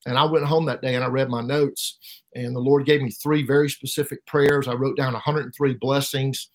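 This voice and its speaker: Halting man telling his story. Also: mid-range voice, little pitch movement. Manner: halting, repeats words, voice rises sharply when reliving pain. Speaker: interview guest. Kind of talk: emotional personal testimony.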